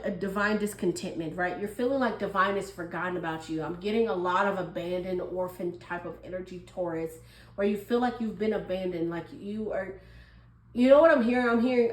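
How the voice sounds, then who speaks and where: A woman giving a casual tarot reading, chatty and musing, often laughing as she talks. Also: medium pitch. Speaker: tarot reader.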